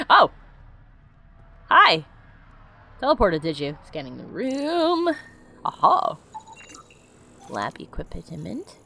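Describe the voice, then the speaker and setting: A woman's voice: high voice, huge pitch swings, drawn-out words, pauses often, sharp tone. A woman giving casual let's play commentary, blunt and chatty, swearing freely.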